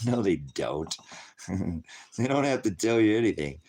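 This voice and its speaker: A man's voice: low-pitched, animated, moderate pace, creaky, a little mellow, breathy edge. A man hosting a casual livestream, rambling in a conspiratorial way, laughing often and answering viewers in chat. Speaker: livestream host.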